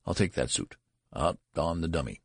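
Deep-voiced guy doing a nervous stammering dad, gravelly, kinda husky. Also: animated, normal speed, no echo, studio quality, full character voice. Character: flustered, mortified middle-aged father.

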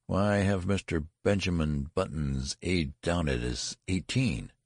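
A man's voice: sits low, a little slow, darkish tone, no echo, clean studio sound. A man voicing a stern, exasperated male college registrar who talks in a brusque, scornful way. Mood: incredulous.

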